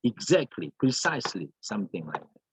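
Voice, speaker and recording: A man's voice: on the low side, very animated, brisk, breathy edge, no room sound, low-quality recording. A man teaching an English grammar lesson, calling on the class and repeating each example sentence with frequent hesitations.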